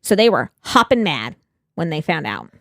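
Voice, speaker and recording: A woman's voice: deep voice, normal speed, dry recording, studio quality. A woman co-hosting a casual true-crime podcast, telling the story with frequent laughs and blunt swearing. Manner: laughs often, swears freely, animated.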